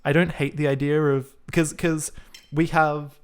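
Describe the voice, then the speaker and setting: A programming livestreamer speaks in a slightly high, level, clean voice, unhurried as he types. He talks casually through his code, thinking out loud in live coding commentary.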